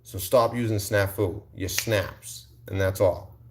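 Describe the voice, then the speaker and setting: A man's voice: low-pitched, fairly even intonation, slow, slight background noise. Man ranting scornfully on a livestream. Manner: combative, mocking, repeats insults. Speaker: livestream host. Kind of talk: livestream rant answering chat.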